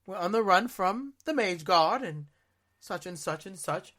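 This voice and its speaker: A man's voice: high-pitched, expressive, unhurried, bright, forceful tone, exaggerated voice. A man putting on a medieval rogue accent. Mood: conspiratorial. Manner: put-on theatrical accent. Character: roguish medieval man on the run.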